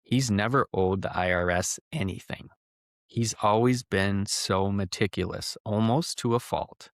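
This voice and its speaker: A man's voice: on the low side, a little slow, creaky, no echo, studio quality. A man hosting a podcast, talking casually with lots of ums and telling a cautionary story. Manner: relaxed, frequent ums and uhs, conversational. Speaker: podcast host.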